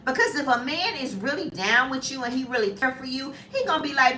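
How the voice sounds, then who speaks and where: A woman in her fifties chatting casually as a lifestyle vlogger, animated and jumping to high squeals when acting out reactions. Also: a little fast, hardly any pauses, reverberant, distant mic, slight background noise. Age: 50s. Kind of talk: casual chat.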